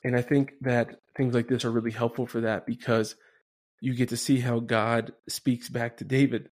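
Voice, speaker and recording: Guy talking faith stuff on his podcast, super casual, keeps saying right?, voice sits mid-pitch. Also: flat delivery, normal speed, darkish tone. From Denver area, USA. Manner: casual, conversational, many "right?" tags. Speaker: podcast host. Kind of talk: Catholic reflection podcast.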